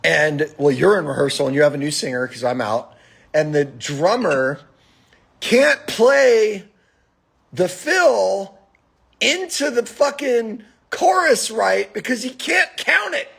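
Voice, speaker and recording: A man's voice: high voice, takes it slowly, gravelly, husky. A man hosting a podcast in casual, profane chat, acting out stories and swearing freely as he gets worked up. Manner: animated storytelling, swearing, rises to shouts. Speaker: podcast host.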